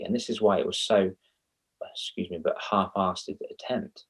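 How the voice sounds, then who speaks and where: Male guest, kids' confidence coach, husky and lowish, rambling and animated in casual chat. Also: moderate pace. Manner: animated and rambling, with self-mocking asides.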